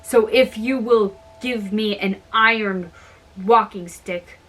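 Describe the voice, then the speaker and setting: Woman reading a strong young giant lad, firm n plain, slow bright voice, storybook. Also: mid-range voice. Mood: demanding. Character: strong young male giant, bold son.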